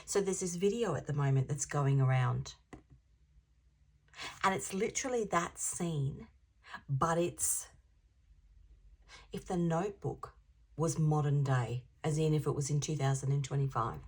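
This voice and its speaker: Low husky woman doing a tarot reading, chatty and rambly, whispers now and then. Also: unhurried, long pauses, a little mellow. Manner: chatty and rambling, drops into whispers to stress points. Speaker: intuitive tarot reader. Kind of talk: channeled tarot reading to camera.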